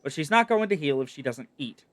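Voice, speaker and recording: A man's voice: on the high side, expressive, a little fast, fairly bright tone. A man voicing a blunt, weary male camp commander in a game, with dry, grumbling delivery.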